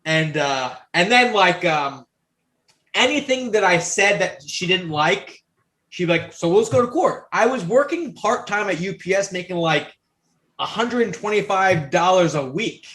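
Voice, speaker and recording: A fairly high-pitched man in his thirties, from New York, spins a story as a podcast guest. His talk is animated and salty, full of "like" and restarts. The sound is roomy, with a noticeable echo off the studio walls. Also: unhurried. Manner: profane, animated storyteller, many fillers. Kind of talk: casual storytelling chat.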